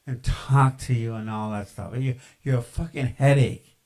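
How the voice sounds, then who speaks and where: A man's voice: mid-range voice, normal speed, darkish tone. A man lecturing in a profane, ranting podcast monologue, full of fillers and insults.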